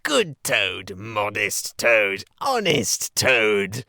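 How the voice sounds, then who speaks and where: Storybook villain: a smug squeaky weasel chief, as a male narrator puts him on. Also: huge pitch swings, drawn-out words, vocal fry, bright, forceful tone, dry recording, studio quality, heavily acted. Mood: mocking. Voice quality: high and squeaky.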